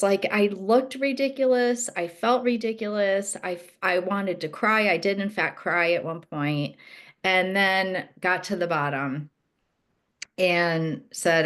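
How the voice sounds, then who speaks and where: A middle-aged woman co-hosting a podcast, telling a personal story in casual chat and acting out what others said. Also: unhurried. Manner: animated storytelling, acts out quoted friends in a higher voice. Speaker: podcast co-host.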